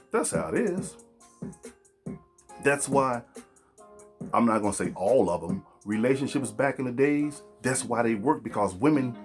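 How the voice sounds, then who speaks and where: A man holds forth as a podcast host, blunt and preachy, talking straight at his audience. His voice sits at a middle pitch. A little music plays faintly behind him. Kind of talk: opinionated podcast monologue.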